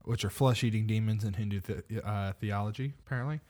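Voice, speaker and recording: A man's voice: lowish voice, fairly quick, warm tone. A man co-hosting a podcast in casual chat, rambling and hesitant, laughing often. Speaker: podcast co-host.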